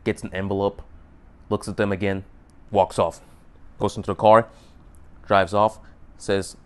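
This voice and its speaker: A man's voice: lowish voice, level tone, a little slow, clear, resonant tone. A young man giving dating advice in a rambling, profane monologue to camera, often checking in with "right?".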